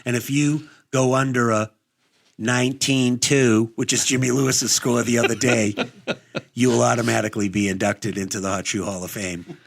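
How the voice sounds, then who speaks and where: A man's voice: medium pitch, fairly even intonation, moderate pace, gravelly. A man guest-hosting a casual podcast, telling rambling, profane stories with plenty of laughter. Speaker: guest host.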